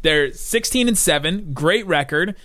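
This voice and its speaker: A chatty man co-hosting a sports podcast, talking in a fairly high voice. He rambles with lively energy and laughs easily, and the sound is dry and close. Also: a little slow, dry recording. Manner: rambling, animated, laughs often. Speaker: podcast co-host. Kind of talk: casual sports podcast chat.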